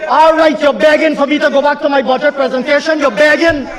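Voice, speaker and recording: A Guyanese government minister delivers a heated, taunting speech in parliament, packed with repetition, his voice very high, steady in tone, and fast. The parliament chamber gives it a long reverb, and a crowd murmurs faintly in the background.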